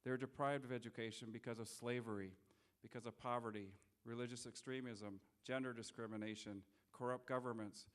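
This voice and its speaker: A middle-aged man speaking as a guest lecturer, telling stories in an earnest, unhurried way with frequent restarts. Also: medium pitch, fairly even intonation. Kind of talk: public lecture with storytelling. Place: lecture hall.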